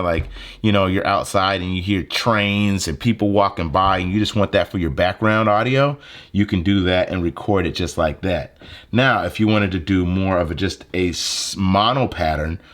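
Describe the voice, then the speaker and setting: A young man casually explaining a phone video-editing setup and a plug-in mic, with lots of fillers. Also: sits low. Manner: relaxed, conversational, lots of fillers. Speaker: tech video creator. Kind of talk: casual gear tutorial. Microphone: handheld phone mic.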